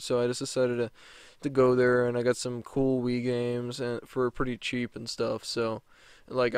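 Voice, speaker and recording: A man's voice: mid-range voice, clear, resonant tone, dry recording. A young man telling a story as a vlogger, rambling, heated and profane. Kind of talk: storytime rant.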